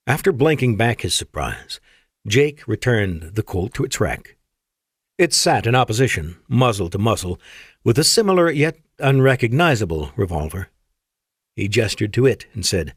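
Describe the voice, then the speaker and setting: A man narrating an audiobook in a measured, descriptive storytelling manner. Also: fairly low pitch, very animated, breathy edge, dry recording, studio quality.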